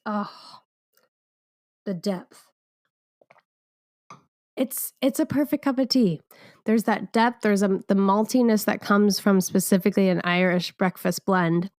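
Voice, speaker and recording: A woman's voice: mid-range voice, fairly even intonation, measured pace, pauses often, a little mellow, no room sound, clean studio sound. A woman co-hosting a podcast in casual chat, gushing and playful as she talks with enthusiasm. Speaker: podcast co-host.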